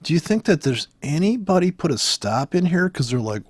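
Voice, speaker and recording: A man's voice: a little high, big pitch swings, moderate pace, few pauses, breathy edge, no echo. A man giving profane, sarcastic, exasperated commentary on trading charts while scrolling through them. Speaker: trader commenting on price charts.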